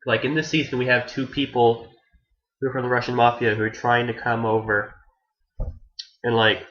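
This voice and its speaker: A man's voice: mid-range voice, flat delivery, moderate pace, a bit bright, highs cut off. A man giving a casual, rambling anime review who restarts his sentences often and swears offhandedly.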